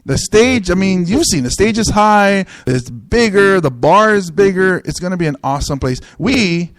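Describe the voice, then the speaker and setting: A joking man hosts a comedy podcast from a club room, rambling through quick asides and poking fun at himself. His voice sits a bit high for a man. The sound is dry and close, with little room echo. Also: expressive. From Samoan. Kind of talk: casual comedic banter.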